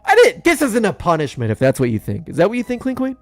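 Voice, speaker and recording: A young gaming YouTuber gives jokey commentary over a video game playthrough, talking fast and addressing his characters with huge pitch swings. There's no room sound.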